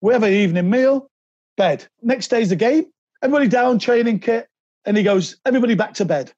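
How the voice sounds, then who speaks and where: A man, a podcast guest telling animated anecdotes and slipping into quoted voices. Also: very high-pitched, brisk, dry recording, lo-fi sound. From England. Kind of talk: anecdotal interview storytelling.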